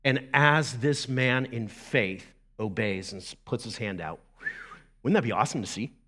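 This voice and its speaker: A middle-aged man, a lead pastor preaching a sermon in a lively, conversational way with asides to the congregation. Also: medium pitch, normal speed.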